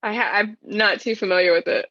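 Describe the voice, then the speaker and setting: A woman from the Upper Midwest with a Yooper accent, a veteran guest talking casually in a podcast interview, friendly and quick to laugh. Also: medium pitch, fairly even intonation, fairly bright tone, lo-fi sound. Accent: Upper Midwest American (Yooper). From Upper Michigan and Wisconsin, USA.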